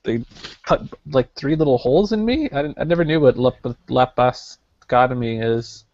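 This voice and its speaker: A man's voice: a little high, animated, a little fast, warm tone. Rambling young man telling a story. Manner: rambling storyteller, lots of fillers. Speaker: podcast co-host. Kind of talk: casual chat. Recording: slightly dull lo-fi podcast audio.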